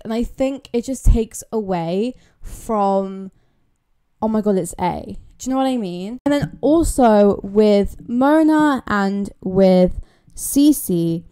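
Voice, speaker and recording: A woman's voice: mid-range voice, mellow, clear, resonant tone. A young British woman talking casually to her viewers, chatty and emphatic, repeating words for stress. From Britain. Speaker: YouTuber. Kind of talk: casual commentary vlog.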